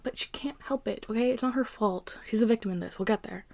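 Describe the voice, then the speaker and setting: A young woman from Arizona talks through a novel in a casual commentary, her slightly high voice turning heated and animated as she rants. She swears freely and talks like a host chatting to her regular viewers. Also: fast, vocal fry. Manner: animated, profane, heated ranting. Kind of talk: casual rant-style book commentary.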